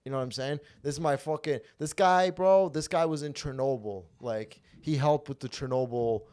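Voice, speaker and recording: A young man with a smooth, medium-pitched voice hosts a comedy podcast, spinning rambling, profane stories with animated energy at normal speed. The recording is dry.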